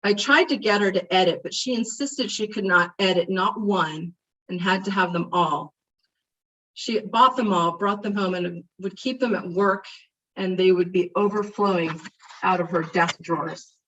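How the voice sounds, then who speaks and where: A woman's voice: fairly low pitch, moderate pace. A middle-aged woman delivering a heartfelt memorial eulogy, reminiscing about a dear friend. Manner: heartfelt, reminiscing, animated when retelling stories. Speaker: eulogy speaker. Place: memorial service. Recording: distant, muffled mic.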